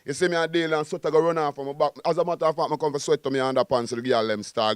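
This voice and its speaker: Boastful fast-talking Jamaican man. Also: medium pitch, clean tone, no echo, studio quality. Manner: boastful, animated, repetitive. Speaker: guest musician. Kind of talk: casual interview.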